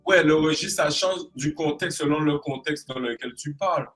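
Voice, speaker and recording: A man's voice: a little high, a little fast, a bit bright, faint music behind, rough recording. A man from Guadeloupe with a Guadeloupean French accent, chatting in an interview and acting out expressions with playful voices. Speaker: creative arts specialist guest. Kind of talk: casual interview chat.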